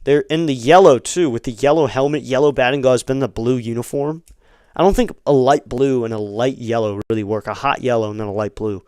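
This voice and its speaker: A man giving live fan play-by-play commentary on a baseball game, chatty between pitches and louder and quicker on big plays. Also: smooth, dry recording, clean studio sound. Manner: conversational, rising to excited calls on big plays.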